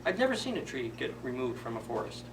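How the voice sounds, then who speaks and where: A man's voice: medium pitch, very animated, fast talker. A man voicing a wistful, yearning fir tree. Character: wistful young fir tree longing for glory. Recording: distant mic, faint background hiss.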